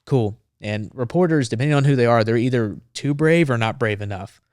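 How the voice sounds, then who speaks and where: A man's voice: medium pitch, fairly quick, a little mellow, no echo, clean studio sound. A man, a former Marine, telling a story casually and animatedly on a podcast, acting out the dialogue.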